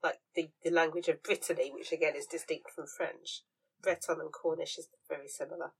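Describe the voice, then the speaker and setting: A woman in a casual group chat who adds facts in a measured, informative way. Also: sits low, level tone, breathy edge, poor audio. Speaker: podcast panelist.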